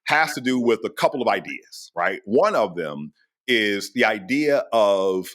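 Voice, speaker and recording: Animated middle-aged man telling stories. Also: lowish voice, measured pace. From United States. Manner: animated, slangy, storytelling. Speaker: astrophysicist guest. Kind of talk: casual storytelling in an interview.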